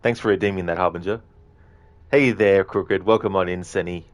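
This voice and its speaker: A man streaming a game, chatting casually and warmly with viewers in a relaxed, rambling way. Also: low voice, moderate pace. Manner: relaxed, friendly, rambling with fillers. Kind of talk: casual chat with viewers over gameplay.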